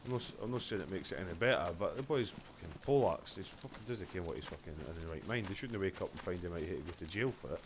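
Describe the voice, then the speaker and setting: Scottish bloke streaming a game, low voice, swears a lot, rambles, bit of faint hiss. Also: male voice, expressive, fast talker, few pauses. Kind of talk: casual chat while gaming.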